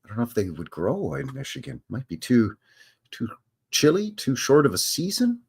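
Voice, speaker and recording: A man's voice: mid-range voice, huge pitch swings, moderate pace, gravelly, a little mellow, husky. A middle-aged man, hosting a live stream and reading viewer questions in a chatty, jokey, rambling way. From Canada. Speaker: host.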